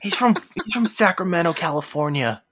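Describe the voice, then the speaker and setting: A man co-hosting a casual wrestling chat with a dry, teasing, deadpan manner. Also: a little high, a little fast. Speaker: podcast co-host.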